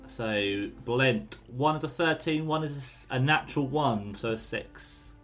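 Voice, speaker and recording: A man leads a tabletop game as game master, describing each blow at an unhurried pace and cheering his players on. His voice sits at an ordinary middle pitch, and soft music plays faintly underneath.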